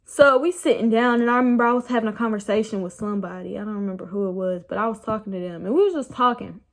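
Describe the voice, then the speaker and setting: A young woman, casually telling a rambling, animated story about her night out. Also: medium pitch, fast. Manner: animated, rambling, laughs at herself. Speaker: vlogger.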